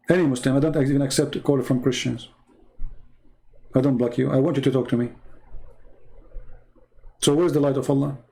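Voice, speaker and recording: A man with a slightly high-pitched voice hosts a live debate stream in a combative, mocking way. He speaks non-native English with loose grammar and answers viewer comments by hammering home one rhetorical question after another. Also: dark tone, poor audio.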